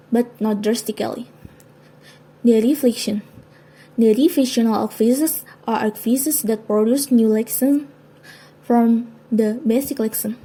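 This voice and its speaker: A woman's voice: a little high, dark tone, husky, poor audio. A woman reading a class presentation, carefully listing example words. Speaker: student presenter.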